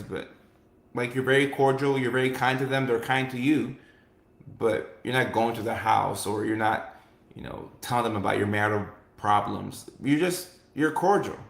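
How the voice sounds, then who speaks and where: A man hosting a laid-back chat show, talking loosely and restarting often, his mid-pitched voice full of gravelly fry. the room is echoey, with a roomy ring behind him. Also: a bit bright. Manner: loose and conversational, full of "like" and "you know" with many restarts. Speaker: host. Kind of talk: casual talk-show chat answering viewers.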